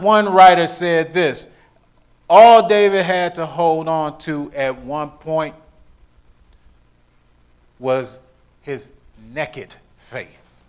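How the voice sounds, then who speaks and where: A man's voice: fairly high pitch, clear, resonant tone. A middle-aged man preaching a sermon, mixing scripture with joking, repetitive asides. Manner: storytelling preacher, joking asides, repeats words.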